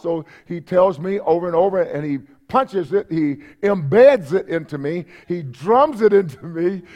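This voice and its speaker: A man preaching a sermon in a conversational way, repeating himself and checking in with the congregation. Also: on the high side. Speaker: pastor.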